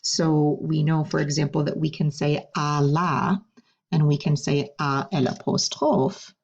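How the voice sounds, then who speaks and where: A woman's voice: sits low, fairly even intonation, measured pace, vocal fry, darkish tone, lo-fi sound. A woman teaching a recorded French lesson, patiently explaining words and stressing correct pronunciation. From United States.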